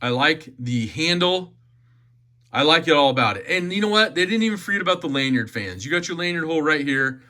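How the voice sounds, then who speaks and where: A man's voice: fairly high pitch, animated, fairly quick, bright, forceful tone. A man giving a chatty, enthusiastic knife unboxing review, often repeating his phrases.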